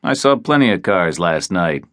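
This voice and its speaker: A man's voice: deep voice, sing-song, moderate pace, fairly bright tone, dry recording, studio quality. Reacher, a man voicing a blunt observant drifter. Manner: blunt, observant, matter-of-fact. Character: sharp-eyed tough male drifter. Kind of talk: audiobook character reading.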